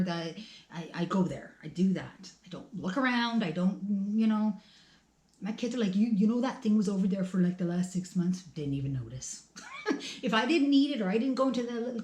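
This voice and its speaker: A middle-aged woman vlogging about her family's loss, talking in a halting, emotional way with many restarts. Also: on the low side, a little mellow, roomy sound. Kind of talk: tearful personal vlog talk.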